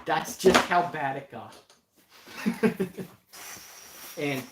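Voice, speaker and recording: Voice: mid-range voice, lively intonation, moderate pace. A livestream co-host chatting casually during an unboxing, joking and laughing often in a rambling way. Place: home basement. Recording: echoey room, distant mic, faint noise.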